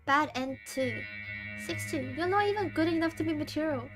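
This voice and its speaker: A woman streamer playing a horror dating game, reading its text aloud with animated, dramatic reactions. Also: high voice, moderate pace, over music.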